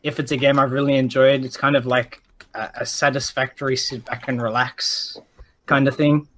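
A man's voice: mid-range voice, little pitch movement, normal speed, a bit bright, a little hiss or hum. A man chatting casually about video games, rambling with many restarts and fillers. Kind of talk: casual gaming chat.

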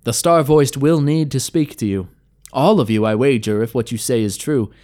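A man's voice: medium pitch, normal speed, a little mellow, close to an everyday voice. A man voicing a haughty, imperious female elf owl-rider captain with a sardonic edge.

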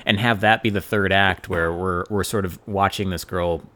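A man in a casual film review chat, talking haltingly with lots of fillers and restarts. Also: sits low, steady tone, fairly bright tone. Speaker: podcast co-host.

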